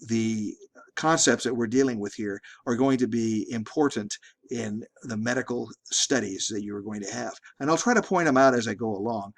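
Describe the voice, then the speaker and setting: A middle-aged man teaching a statistics class in a conversational lecture, often repeating and restarting words. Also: mid-range voice. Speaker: statistics instructor. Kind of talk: recorded lecture.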